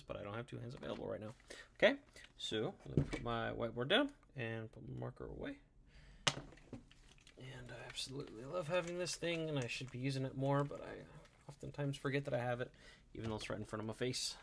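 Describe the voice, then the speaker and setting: A man in a mid-range voice teaching drum rhythms to students from home. He talks in an upbeat, chatty way, counts beats out loud and keeps checking in with "okay?". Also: mid-range voice. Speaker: music teacher. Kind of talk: online drum lesson. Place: home, recording to camera.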